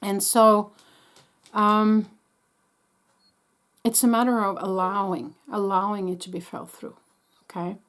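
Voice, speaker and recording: A woman psychic medium giving a gentle, reassuring spiritual talk, pausing and restarting often while sucking a lozenge. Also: mid-range voice, flat delivery. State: sucking a lozenge after coughing.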